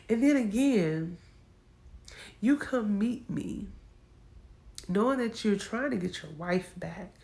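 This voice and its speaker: Woman vlogger with a low, fry-heavy voice, retelling a painful story with feeling. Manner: emotional, animated retelling with acted quotes. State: upset. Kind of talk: casual storytime vlog.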